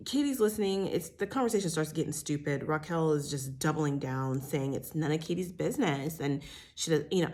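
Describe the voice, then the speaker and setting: Low-voiced woman dishing reality TV gossip. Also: a little fast. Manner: chatty, blunt, swears freely; animated retelling with many fillers. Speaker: TV recap host. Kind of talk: casual gossip recap.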